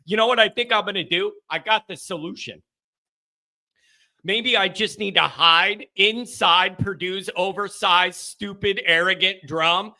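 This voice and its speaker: A man running his own call-in sports show talks in a loose, rambling way, poking fun at himself as he goes. His voice sits high and rings sharp and bright. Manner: rambling, self-deprecating, quick laughs. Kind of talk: casual sports talk monologue.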